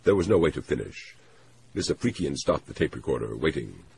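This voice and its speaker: Brief: low male reader, lively and expressive, measured novel narration. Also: creaky, noisy background. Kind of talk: novel read aloud.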